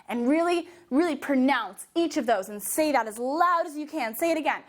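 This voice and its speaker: A young woman teaching a children's movement storytelling class, giving animated, coaxing, sing-song instructions. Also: sits high, moderate pace. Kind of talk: guided movement storytelling for kids.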